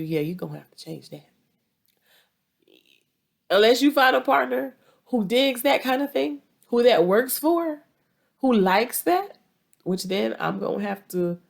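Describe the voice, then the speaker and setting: A woman's voice: on the low side, vocal fry. A woman with a Southern US accent hosting a relationship advice talk, speaking directly and repeating points for emphasis. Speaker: relationship advice podcast host.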